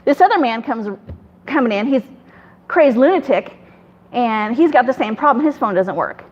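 High-voiced chatty woman storyteller. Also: lively intonation, normal speed, highs cut off. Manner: chatty, acts out other people in quoted dialogue. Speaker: guest telling her faith testimony. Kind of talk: casual personal storytelling.

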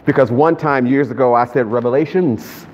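A man's voice: mid-range voice, moderate pace. A male preacher delivering a sermon to a live congregation, mixing playful joking asides with call-and-response. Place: church service with a live congregation. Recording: slightly dull recording, faint background noise.

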